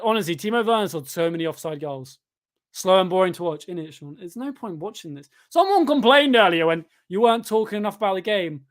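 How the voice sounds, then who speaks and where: Exasperated young football fan. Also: male voice, high voice. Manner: sarcastic, exasperated mock commentary. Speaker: fan channel host. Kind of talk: live football watchalong chat.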